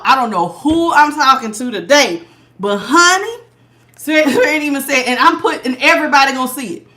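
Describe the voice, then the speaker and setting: A middle-aged woman giving a casual tarot reading to her viewers, animated and laughing, calling them honey and baby. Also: sits high. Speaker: tarot reader.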